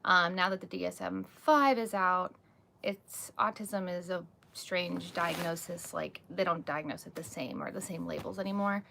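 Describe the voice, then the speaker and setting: A woman's voice: lowish voice, steady tone, normal speed, gravelly, background noise. A woman hosting a casual live stream, chatting openly and reading out viewer comments, with frequent "like" and "um" fillers. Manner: candid, talks with many "like" and "um" fillers. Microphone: phone or webcam, live stream.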